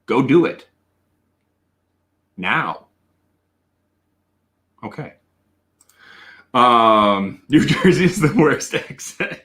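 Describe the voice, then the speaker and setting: A man hosts a casual livestream tasting, his voice bright and ringing and his pitch swinging widely as he reacts. He talks slowly, lingering over his words, and breaks into excited, profane exclamations between answers to his viewers. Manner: reads and answers viewer chat. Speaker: whiskey reviewer and host.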